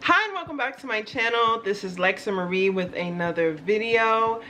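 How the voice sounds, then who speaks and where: A woman's voice: medium pitch, animated, moderate pace, pushed and bright, faint music behind. Chatty young woman vlogging. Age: young adult. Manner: chatty, self-deprecating, rambling. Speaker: YouTube host. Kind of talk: casual vlog chat.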